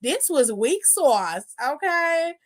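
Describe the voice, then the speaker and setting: Sassy high-voiced woman host. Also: takes it slowly. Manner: sassy, animated storytelling with slang and swearing. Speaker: wrestling aftershow host. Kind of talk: casual recap commentary.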